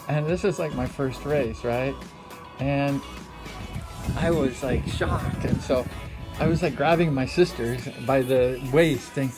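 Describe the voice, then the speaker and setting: A middle-aged man, a former speedway racer, telling a rambling story full of repeated fillers. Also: medium pitch. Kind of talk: casual storytelling. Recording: loud music underneath.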